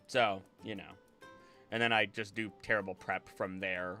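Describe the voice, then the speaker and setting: A man's voice: fairly low pitch, steady tone, moderate pace, bright, forceful tone, faint music behind. A man who runs a tabletop game, chatting casually with his live chat and rambling with frequent restarts and laughs. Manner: rambling, self-correcting, laughs often. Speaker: game master.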